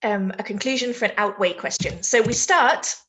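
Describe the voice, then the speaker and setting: British female tutor, high-pitched and chatty, live online essay feedback. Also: normal speed, fairly bright tone. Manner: chatty, laughs easily, reads chat aloud mid-sentence. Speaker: IELTS teacher.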